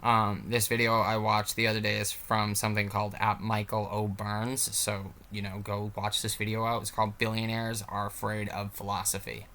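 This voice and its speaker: A man vlogging a casual philosophy rant to his viewers, animated and profane, with emphatic bursts. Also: on the low side, moderate pace, hardly any pauses.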